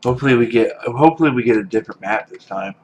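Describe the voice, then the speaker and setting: A man's voice: medium pitch, racing, a little hiss or hum. Swearing gamer ranting at his team. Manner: ranting, swears a lot, yells at teammates. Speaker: gameplay streamer. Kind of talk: casual gameplay commentary.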